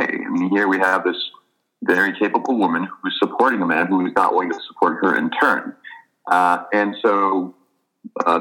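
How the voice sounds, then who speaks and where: A man, an author trained as a physician, talking thoughtfully in an interview and telling a story in a measured way. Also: low-pitched, sharp tone, low-quality recording. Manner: thoughtful, measured, with fillers and restarts.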